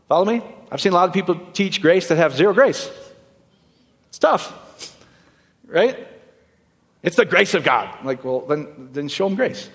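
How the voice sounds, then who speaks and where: A male pastor preaching a sermon in a loose, joking style, full of quick asides and questions to the congregation. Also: on the high side. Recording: long reverb of a church hall.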